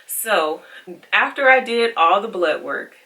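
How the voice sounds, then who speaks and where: A woman's voice: mid-range voice, lively intonation, slow pace, bright, forceful tone, far from the mic. A woman vlogging, frankly and with exasperation retelling a story and quoting the people in it. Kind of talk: casual storytelling to camera.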